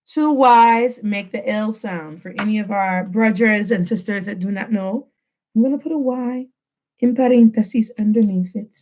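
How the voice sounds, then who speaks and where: A woman teaching a Spanish lesson from home, drilling phrases slowly for the listener to repeat and mixing English and Spanish mid-sentence. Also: mid-range voice, darkish tone. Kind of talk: home-recorded language lesson.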